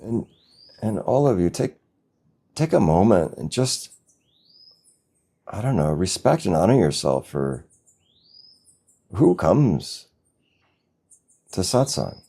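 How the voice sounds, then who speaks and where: Deep, mellow-voiced spiritual teacher. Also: male voice, big pitch swings, creaky, slightly rough. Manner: slow, gentle, reflective, with soft laughs. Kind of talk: satsang talk.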